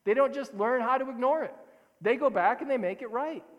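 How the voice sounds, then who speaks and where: Male pastor, high voice, chatty animated sermon delivery, reverberant sanctuary. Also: brisk, lo-fi sound. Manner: conversational, animated, self-correcting. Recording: long hall reverb.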